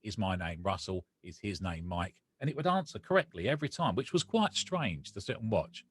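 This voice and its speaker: A man's voice: lowish voice, a little fast, breathy edge, no echo. Man from Romford telling his story. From Romford, England. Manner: animated, acts out dialogue. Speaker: guest. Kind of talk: personal storytelling.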